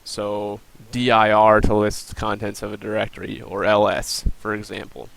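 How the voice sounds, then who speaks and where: Young male student presenter, lowish creaky voice, plain explanatory delivery for a recorded screen demo. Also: little pitch movement, moderate pace, a bit bright, slight background noise, rough recording. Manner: plain explanatory, walks through steps with um and uh.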